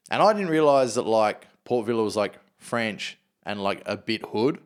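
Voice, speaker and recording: A man's voice: fairly low pitch, lively intonation, normal speed, hardly any pauses, smooth. A man as a podcast guest, chatting bluntly with crude slang and lots of swearing. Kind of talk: casual chat.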